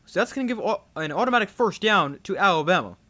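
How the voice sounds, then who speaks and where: A young man giving live play-by-play commentary on a football game, growing excited on big plays. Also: high-pitched, fast. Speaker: play-by-play streamer.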